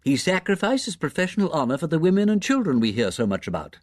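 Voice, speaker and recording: A man's voice: a little high, very animated, fast, no echo, studio quality, voice pushed up. A man voicing a tart, caustic woman don.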